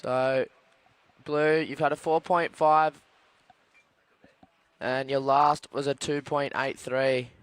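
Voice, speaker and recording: A man giving steady, informative play-by-play at a live surf contest, reading out scores and surfers' colours. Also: mid-range voice, takes it slowly, long pauses, clear, resonant tone, dry recording. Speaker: surf commentator. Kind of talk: live sports commentary.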